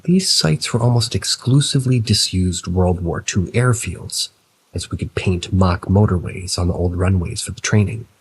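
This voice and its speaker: Deep-voiced man narrating a horror story. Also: a little hiss or hum, rough recording.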